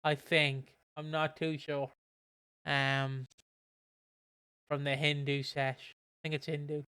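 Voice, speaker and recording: A man's voice: on the high side, level tone, slow pace, sharp tone, smooth, dry recording, clean studio sound. A man co-hosting a podcast in casual chat, rambling with many ums and casual swearing. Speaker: podcast co-host.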